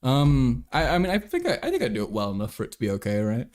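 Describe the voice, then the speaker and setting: A man hosting a casual livestream talks in a loose, rambling way, tripping over restarts and dropping swear words as he thinks aloud. His voice sits at an ordinary middle pitch for a man. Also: wildly swooping pitch, fast talker, a little mellow. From England and Germany. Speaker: livestream host.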